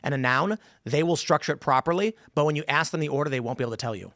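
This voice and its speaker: A man with a slightly high voice hosts a relaxed panel talk show. He talks things through at length, musing aloud over a close, dry studio microphone with no room sound. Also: racing, dry recording. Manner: explains at length, muses aloud. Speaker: podcast host. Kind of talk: casual panel chat.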